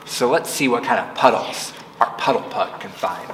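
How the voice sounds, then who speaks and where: A man's voice: medium pitch, normal speed, a bit bright. A man leading a children's library storytime, chanting rhymes in a sing-song, coaxing way and asking the kids questions. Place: library room. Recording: echoey room, long reverb, faint noise.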